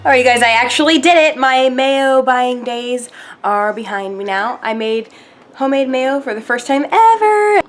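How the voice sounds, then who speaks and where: A chatty young woman vlogging her day in a slightly high voice. She talks casually and keeps turning to her viewers as "you guys.". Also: moderate pace, soft background music. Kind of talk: casual chat.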